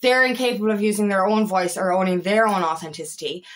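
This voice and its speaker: A woman's voice: medium pitch, fairly even intonation, fast talker, a bit bright. A woman coaching on spirituality in an unscripted, impassioned rant, swearing constantly as she talks to her followers. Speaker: feminine empowerment coach.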